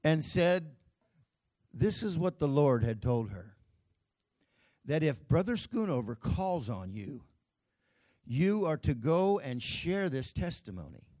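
Male pastor, high pitch, emphatic storytelling sermon. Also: sing-song, takes it slowly, pauses often, darkish tone.

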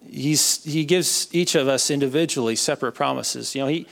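A young man tells a personal faith testimony in an earnest, halting way, often doubling back on his words. His voice has a gravelly, creaky edge at a middling pitch. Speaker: speaker sharing a testimony.

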